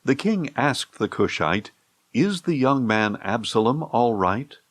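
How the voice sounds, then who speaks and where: Slow, expressive man reading scripture. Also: medium pitch, dry recording. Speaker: audiobook narrator.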